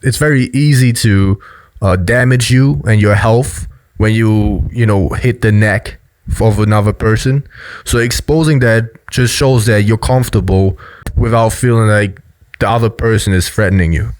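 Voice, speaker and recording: A man's voice: on the low side, moderate pace, darkish tone, dry recording. A man giving a loose, explanatory commentary on body language, full of fillers. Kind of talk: casual video commentary.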